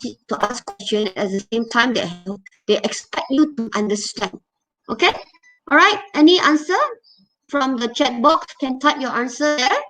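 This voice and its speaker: A woman's voice: a little high, fairly bright tone, low-quality recording. A woman teaching an online English revision lesson, explaining patiently and checking in often with "okay?" and "all right?".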